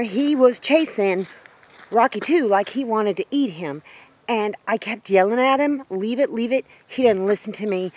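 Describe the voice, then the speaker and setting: A chatty woman talks her way around her homestead yard, rambling from one chore to the next and stopping to talk to her animals. Her pitch sits mid-range, and chickens cluck faintly behind her outdoors. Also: a little hiss or hum. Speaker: homestead vlogger. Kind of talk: casual vlog chat.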